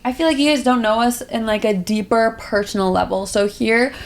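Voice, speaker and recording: A woman's voice: a little high, steady tone, fairly quick. Upbeat, teasing young woman. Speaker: podcast co-host, middle sister. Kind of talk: casual chat. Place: podcast studio.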